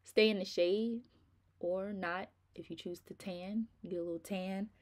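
A woman's voice: medium pitch, fairly even intonation, measured pace. A middle-aged woman chatting casually to her viewers in a rambling, informal way, sounding tired. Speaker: nail vlogger.

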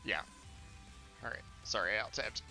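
A man co-hosting a game stream, troubleshooting and often muttering quietly to himself. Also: moderate pace, vocal fry, faint music behind. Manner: distracted, mutters to himself at low level. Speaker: stream co-host. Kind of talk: casual gaming chat.

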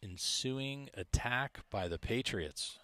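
A man calling a high school baseball game play by play, reading out stats in a measured way. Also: expressive, pushed and bright, no room sound. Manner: measured, stat-heavy, self-deprecating asides. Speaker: play-by-play announcer.

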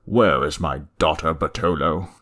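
A man's voice: low-pitched, animated, measured pace, a bit bright, husky, full character voice. A man voicing a stern, indignant older nobleman father in a story reading.

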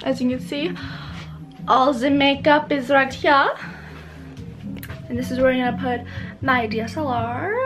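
A teenage girl vlogging casually, bubbly and gushing, with quick asides. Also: high-pitched, steady tone, over music. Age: teens. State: groggy morning voice. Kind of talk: casual vlog chat.

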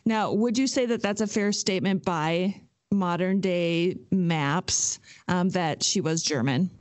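A woman's voice: on the low side, dry recording. Enthusiastic woman host, dry sound. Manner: warmly enthusiastic, quick to laugh. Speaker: podcast host. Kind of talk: casual interview conversation.

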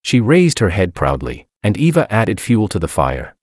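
A man narrating a first-person story in an even, scripted storytelling style. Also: on the low side, moderate pace, few pauses, no echo, studio quality.

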